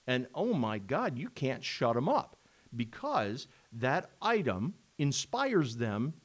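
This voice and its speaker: A man co-hosting a podcast in casual chat, animated, exclaiming often and bursting into laughter. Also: medium pitch, slow. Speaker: podcast co-host.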